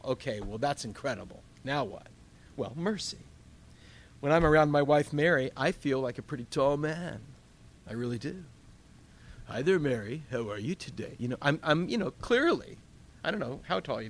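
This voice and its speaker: A man's voice: on the high side, a bit bright. A man leading a Bible study in a conversational teaching style. He asks the group questions and acts out his own inner dialogue.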